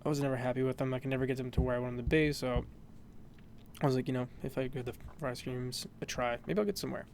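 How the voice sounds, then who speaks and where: A man's voice: mid-range voice, fairly even intonation, fast talker, a little mellow, slight background noise. A man explaining a vocal technique in a casual, rambling tutorial, full of fillers and "you know".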